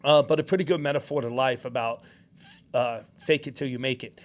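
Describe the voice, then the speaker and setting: A man from New York hosting a podcast, telling a story in a casual, animated way. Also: medium pitch, a little fast. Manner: animated storyteller, acts out quotes. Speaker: podcast host.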